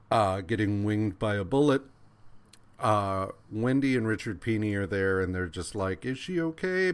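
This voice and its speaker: A man co-hosting a podcast, wryly recapping a comic book in casual chat, with fillers and acted-out quotes. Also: on the low side. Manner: casual, wry, acts out quotes with many fillers. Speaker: podcast co-host.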